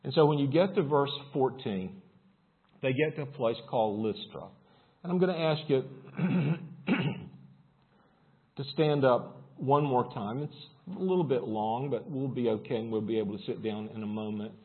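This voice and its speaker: A man's voice: medium pitch, normal speed, slightly rough, phone-quality sound. A man preaching a sermon and reading scripture aloud, building force as he reads. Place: church service room.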